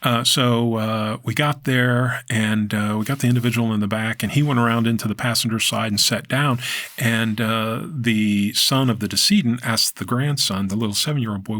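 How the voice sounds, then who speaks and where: A man guesting on a podcast, telling a story in a halting, reflective way with many fillers and restarts. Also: mid-range voice, fairly bright tone, no echo. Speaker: podcast guest, decedent remover. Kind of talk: casual interview storytelling. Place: podcast studio.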